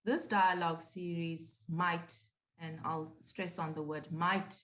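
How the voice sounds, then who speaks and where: A woman co-hosting a panel over a video call, delivering a deliberate, earnest scripted address. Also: fairly low pitch, steady tone, a bit bright, reverberant, low-quality recording. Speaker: co-host.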